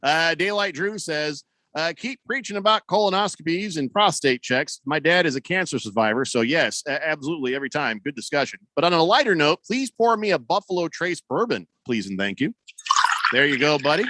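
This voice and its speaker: A man's voice: a little high, animated, fairly quick, pushed and bright, dry recording. A man hosting a sports radio show, chatting casually and reading listener messages in a rambling, wry way. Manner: rambling, self-correcting, wry. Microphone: studio broadcast mic.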